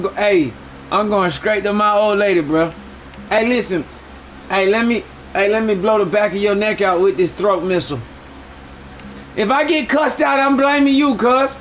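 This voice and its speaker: Male game streamer with a strikingly high voice; loud, jokey, profane live banter over a faint hum.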